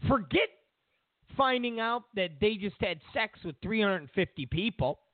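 A man's voice: sits high, expressive, measured pace, no echo. A man hosting a political talk show, delivering an emphatic, opinionated monologue full of sarcastic hypotheticals. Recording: tinny phone-like audio.

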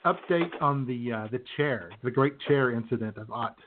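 A man's voice: mid-range voice, moderate pace, slight background noise. A man hosting a podcast, rambling through stories in casual chat and laughing at them. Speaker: podcast host. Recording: tinny phone-like audio.

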